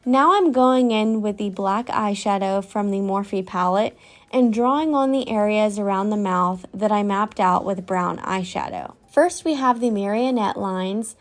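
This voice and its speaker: A woman narrating a makeup tutorial in a calm, step-by-step scripted voice-over. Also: mid-range voice, measured pace.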